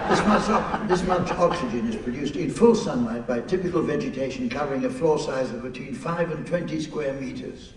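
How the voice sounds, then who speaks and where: A man chairing a live comedy panel, reading out questions in a dry, deadpan way and stumbling over the text. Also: a little high. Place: large theatre with live audience. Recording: echoey, distant theatre recording with noise.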